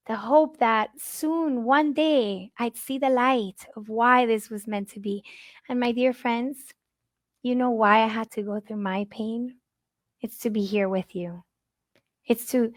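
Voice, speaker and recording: A middle-aged woman with Spanish as her first language speaks to a conference audience in earnest, heartfelt tones, often repeating a word while she finds the next one. Her voice sits a little high and sounds close and dry, with no room around it. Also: dry recording. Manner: earnest, repeats words when searching for them. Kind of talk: heartfelt inspirational talk.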